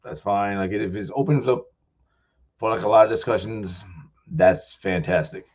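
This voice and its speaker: Rambling male author, low voice. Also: moderate pace, muffled recording. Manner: rambling, loaded with "like"; excitable, thanks the crowd warmly. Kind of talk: live festival talk retelling his book.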